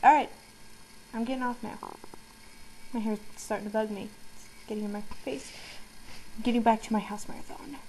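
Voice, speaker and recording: A woman's voice: on the high side, fairly even intonation, normal speed, pauses often, warm tone, a little hiss or hum, poor audio. A teenage girl chatting casually to her camera, rambling and giggling as she tells a story. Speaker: vlogger.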